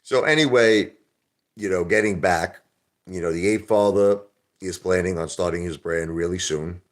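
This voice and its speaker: A middle-aged livestream host rambles casually to his viewers in a street-talking style, calling people "brother." His voice is low-pitched and his pace moderate.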